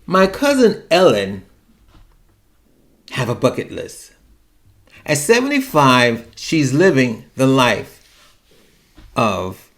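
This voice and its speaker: A man's voice: medium pitch, sing-song, slow pace, pauses often, fairly bright tone. A man hosting a solo podcast and talking in a chatty, wry, digressive way. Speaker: podcast host. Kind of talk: monologue about personal fears.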